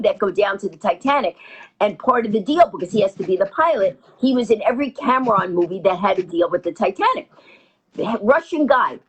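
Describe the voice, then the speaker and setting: A woman telling a comic story as an interview guest, fast and lively with punchy delivery. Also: mid-range voice, husky. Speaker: guest comedian.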